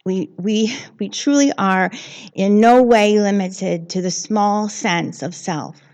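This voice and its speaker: A woman with a gravelly, slightly creaky voice serving as the reader at a church service. She tells a personal story in a heartfelt, earnest way. Her pitch sits in an ordinary middle range. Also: slow pace, a little mellow. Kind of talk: church reading and personal sharing. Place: church sanctuary.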